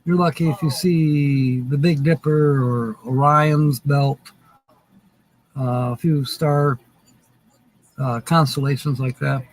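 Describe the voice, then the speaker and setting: A man's voice: mid-range voice, fairly even intonation, slow pace, poor audio. A man hosting a live stream, rambling casually with lots of fillers.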